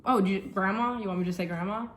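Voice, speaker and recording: A woman's voice: mid-range voice, very fast, reverberant, a crowd in the background. A young woman co-hosting a home vlog, chatting casually with a playful, teasing manner and frequent laughter. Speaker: vlog co-host. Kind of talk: casual chat.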